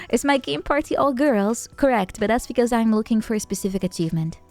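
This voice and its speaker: A young adult woman streamer chatting casually with viewers, rambling and halting, with a giggly manner. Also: on the high side, darkish tone. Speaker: VTuber streamer. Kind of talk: casual chat answering viewer messages.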